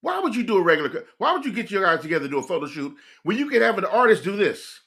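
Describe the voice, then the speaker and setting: Guy doing a music reaction, hyped and laughing, talks right at the viewers, voice sits kinda high. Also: big pitch swings, very fast, fairly bright tone. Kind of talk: casual reaction commentary.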